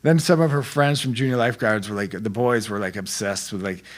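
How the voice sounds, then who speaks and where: A middle-aged man with a fairly low voice chats loosely on a podcast. His talk is slangy and laid-back, rambling through stories with many restarts. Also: a little fast. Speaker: podcast guest, actor. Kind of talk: casual storytelling chat.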